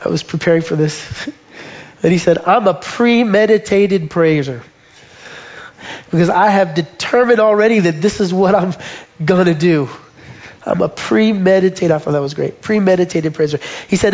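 A man preaching a sermon, emphatic, slowing down and dropping soft when he quotes scripture and verse. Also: high-pitched, dull audio. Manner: emphatic, slows and drops to near whisper on quoted lines.

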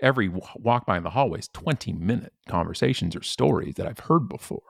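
Forties male podcast guest, emphatic and animated; very low, lively pitch. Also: fast talker, creaky, no room sound, studio quality. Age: 40s. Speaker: guest speaker. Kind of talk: conversational podcast interview.

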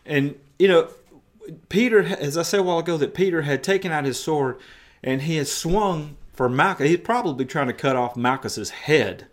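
A man's voice: on the high side, normal speed. A man preaching a sermon, retelling a story emphatically and in vivid detail.

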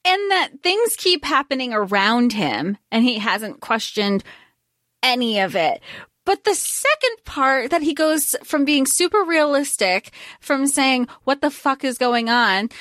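A woman's voice: high voice, big pitch swings, measured pace, fairly bright tone, dry recording, studio quality. A young adult woman co-hosting a podcast, talking through a film in a conversational way. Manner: conversational, laughs between points. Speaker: podcast co-host. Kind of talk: casual film recap chat.

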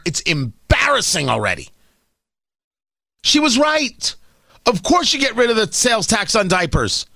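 Sarcastic high-pitched male radio host. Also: pushed and bright, no echo. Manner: sarcastic, mocking, exasperated. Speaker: radio talk show host. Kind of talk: talk radio commentary.

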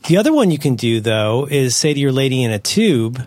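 A man hosting a podcast, chatting casually as a parent, rambling and correcting himself as he tells animated stories. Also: medium pitch, a little fast, no echo. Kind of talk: casual chat.

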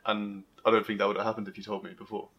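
Young male co-host, lowish voice, short casual interjections. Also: flat delivery, very fast, muffled recording. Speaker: podcast co-host. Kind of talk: casual chat.

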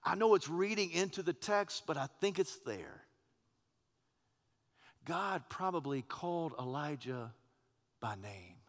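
A male pastor preaching a sermon, swinging from hushed whispers to loud, passionate declarations. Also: on the high side, animated, a little slow, long pauses, big-room sound.

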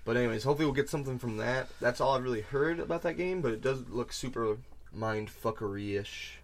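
A man's voice: medium pitch, racing. A young man hosting a casual gaming podcast, talking animatedly with lots of fillers and some swearing. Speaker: podcast host.

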